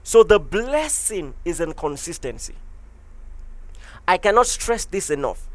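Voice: mid-range voice, big pitch swings, unhurried, no echo. A pastor preaching a sermon, emphatic and repeating key phrases for stress.

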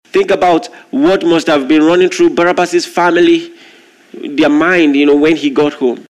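A man preaching a sermon, retelling a story with lively, acted-out voices. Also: on the high side, normal speed. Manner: animated storytelling, acting out crowd shouts.

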